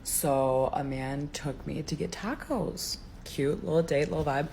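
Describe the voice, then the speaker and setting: A woman's voice: low-pitched, measured pace, gravelly, darkish tone, slight background noise, poor audio. A woman telling a story in a laid-back, amused way. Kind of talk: casual storytelling to camera.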